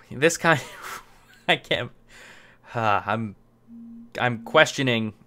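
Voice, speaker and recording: A man's voice: mid-range voice, lively intonation, very slow, pushed and bright. A man giving casual commentary on camera, often breaking into laughter as he reads text aloud. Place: home recording setup. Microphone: camera mic.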